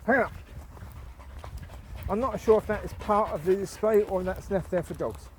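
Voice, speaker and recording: A man's voice: sits high, a little fast, a little mellow, a little hiss or hum. A man chatting casually on a walk outdoors in a village, calling commands to his dogs and cooing at puppies. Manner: coos affectionately at dogs and puppies. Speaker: vlogger walking his dogs. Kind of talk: casual walk-and-talk chat.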